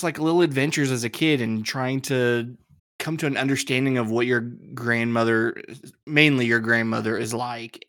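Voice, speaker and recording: A man on a podcast speaks in a middle pitch, hesitant and full of likes and ums. His voice is dry and close to the mic. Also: no echo. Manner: soft-spoken, hesitant, many likes and ums. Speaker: podcast co-host. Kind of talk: casual chat.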